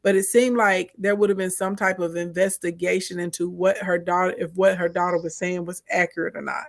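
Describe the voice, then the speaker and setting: Southern lady on a chat show, dry close sound, animated, keeps talking to the listeners. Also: fairly low pitch, a little fast, gravelly, no echo. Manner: animated, emphatic, talks through opinions with asides to listeners. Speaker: co-host. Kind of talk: casual chat.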